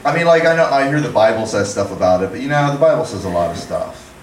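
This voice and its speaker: A young man performing a rambling stand-up set, slipping into quick character voices, recorded in an echoey room from far off. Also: mid-range voice, expressive, a little hiss or hum. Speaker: stand-up comedian. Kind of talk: open-mic stand-up set.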